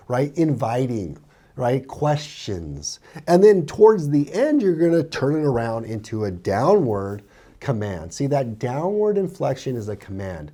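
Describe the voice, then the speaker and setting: A man coaching on real estate sales as he comments on a played clip, often acting out clients' lines. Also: a little slow. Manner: animated, acts out buyers' lines in a higher voice.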